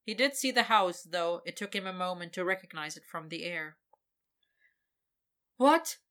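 Female storyteller, bright tone, expressive read-aloud delivery. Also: on the low side, a little fast. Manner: expressive, voices characters. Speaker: narrator. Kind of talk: reading a fantasy story aloud.

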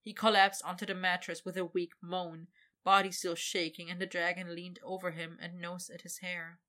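Woman narrator, fairly low pitch but bright tone, steady intimate storytelling for an adult audio story. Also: moderate pace.

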